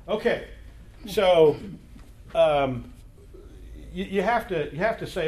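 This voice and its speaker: A man teaches an informal Bible class in a room with a noticeable echo. His voice sits fairly high for a man, and he keeps turning to the group with questions in a loose, conversational way. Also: huge pitch swings, drawn-out words, pauses often. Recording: echoey room.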